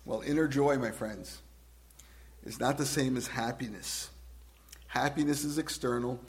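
A man preaching a sermon as a pastor, swinging from loud emphasis to hushed, drawn-out words and asking his listeners direct questions. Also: mid-range voice, steady tone. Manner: asks the congregation direct questions.

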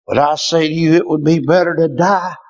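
A male preacher delivering an impassioned sermon, dropping to hushed tones and rising to shouts. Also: fairly even intonation, a little fast, no room sound, muffled recording. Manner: impassioned, swinging from hushed lows to shouted peaks.

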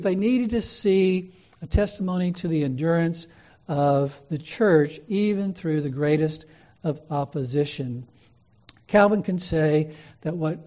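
A male preacher delivers a sermon in earnest, storytelling fashion, pausing in measured beats. His voice sits fairly high for a man, with a warm, mellow color. The recording sounds slightly muffled and dull.

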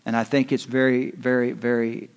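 A man preaching a sermon as pastor. He swings from quiet, hushed lines to loud, rising exhortation. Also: medium pitch, level tone, normal speed, smooth.

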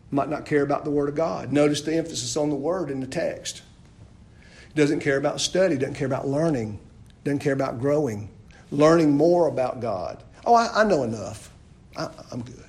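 A man with a high voice preaches a sermon to his congregation. He asks rhetorical questions and often drops suddenly into a quiet voice. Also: normal speed, long pauses. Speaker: pastor.

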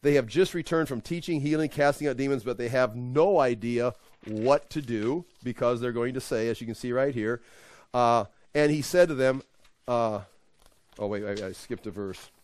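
A man's voice: medium pitch, moderate pace, a little mellow, no room sound. A man leading an evening Bible study, teaching in a conversational, emphatic way and often correcting himself.

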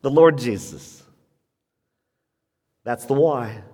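Male pastor, radio sermon, animated with sharp high-pitched peaks, reverberant sanctuary sound. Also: slow pace. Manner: animated preaching, sudden high-pitched emphasis.

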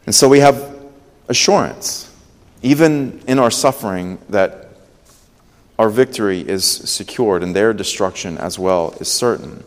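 A man's voice: lowish voice, unhurried, long reverb tail. A man preaching a sermon as pastor, earnest and emphatic, his voice swelling and dropping for emphasis. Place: church sanctuary.

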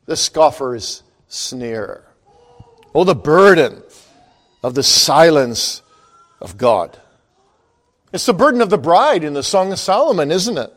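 A man preaching a sermon to children and adults, with a dramatic delivery that swings between loud and hushed. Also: lively intonation, unhurried. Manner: dramatic, wide swings in loudness and pitch.

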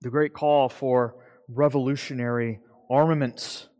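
A man preaching a sermon as pastor, earnest, slowing for emphasis and then speeding up. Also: mid-range voice, steady tone, a little mellow, in a large hall. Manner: earnest preaching, shifting between slow emphasis and quick asides.

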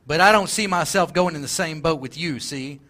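Man doing a high, bristling, resentful poor man, rough talk, all grievance. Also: fairly quick, pushed and bright. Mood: indignant. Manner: indignant, blustering, rough-spoken. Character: resentful self-righteous poor man demanding his rights.

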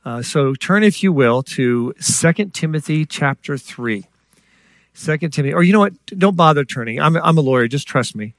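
A man preaching a sermon in a lively storytelling way, acting out voices and joking with the congregation. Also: on the high side, moderate pace. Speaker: guest preacher. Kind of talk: sermon with stories.

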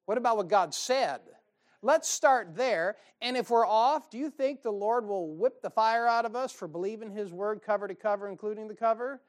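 A man delivers a sermon. He talks in a folksy, joking way and often rises into loud, fired-up bursts of preaching. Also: high-pitched, normal speed, hardly any pauses.

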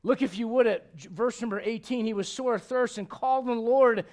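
A man preaching a sermon as a pastor, swinging from loud emphatic lines to hushed ones, with joking asides. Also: very high-pitched, brisk, few pauses.

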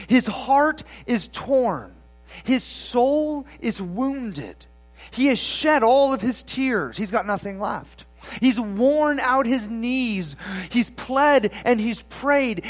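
A pastor preaching a sermon to the congregation with dramatic swings from loud to hushed, putting rhetorical questions to the listeners. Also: medium pitch.

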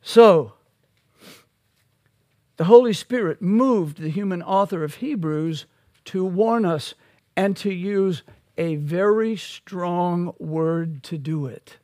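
A male pastor preaching an expository sermon, slow and emphatic, rising to loud peaks on key words. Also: sits high, no room sound, studio quality.

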